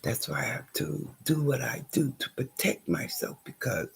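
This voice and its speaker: A woman speaks straight to her viewers in a very raspy voice, her pitch rising and falling widely. She repeats phrases for emphasis and shifts between loud outbursts and near-whispers. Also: expressive, normal speed, hardly any pauses. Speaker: vlogger. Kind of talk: impassioned personal vlog monologue.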